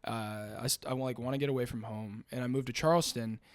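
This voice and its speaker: A man's voice: mid-range voice, steady tone, quick pace. A young man from Virginia, a comedian guest in loose podcast chat, peppering his talk with "like" and "dude".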